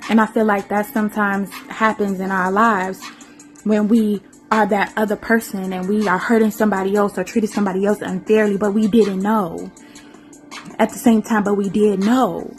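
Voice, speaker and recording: A woman vlogger giving an emotional, rambling spoken-word monologue, laughing often and repeating her phrases. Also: mid-range voice.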